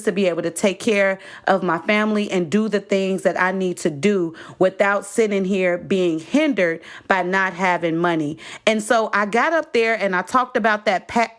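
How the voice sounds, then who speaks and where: A middle-aged woman hosting a podcast, telling a personal story to listeners in a casual, animated way with features. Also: medium pitch. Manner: animated, addresses listeners as y'all, laughs while telling. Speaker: podcast host.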